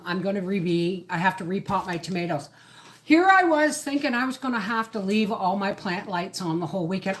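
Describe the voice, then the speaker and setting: A chatty woman talks loosely through a live stream as she cooks in her kitchen. Her pitch sits in the middle, and her rambling thoughts keep breaking off and restarting. A faint hiss of noise runs underneath. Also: fairly bright tone. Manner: chatty, rambling, self-interrupting. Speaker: homesteading livestream host. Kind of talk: casual live-stream chat while cooking. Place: home kitchen.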